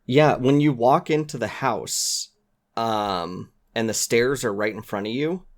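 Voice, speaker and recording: A man's voice: medium pitch, a little slow. A man guesting on a podcast, talking earnestly and with enthusiasm, sometimes acting out quoted lines. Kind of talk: casual chat.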